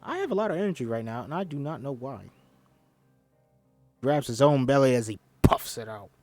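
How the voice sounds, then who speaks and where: A man reading a film script aloud in a casual way, with lively, self-deprecating asides. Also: medium pitch, brisk, no echo, faint music behind. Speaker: script reader.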